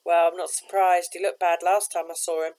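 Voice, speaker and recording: A woman voicing a kindly boatman with a strange accent, speaking gently and reassuringly in a storybook reading. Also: fairly low pitch, flat delivery, brisk, lightly acted, low-quality recording.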